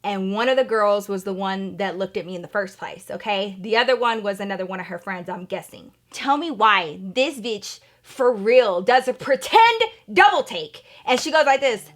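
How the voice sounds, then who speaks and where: A woman's voice: mid-range voice, animated, moderate pace, few pauses. A young woman vlogger telling a dramatic story in a sassy, profane, casual way. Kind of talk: storytime vlog.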